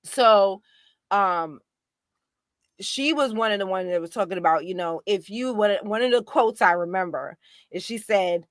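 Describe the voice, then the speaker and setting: Casting: indignant woman, mid pitch, talks in bursts, dry close mic. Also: unhurried, no room sound. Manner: animated, indignant, many restarts. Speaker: guest activist. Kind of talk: casual political discussion.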